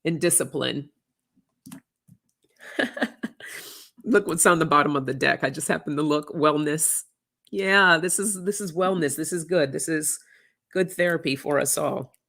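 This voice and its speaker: Hosting a casual livestream, an oracle card reader chats warmly and effusively with viewers, reads their comments aloud and grows emotional. Her mid-range voice is creaky and unhurried, broken by long pauses.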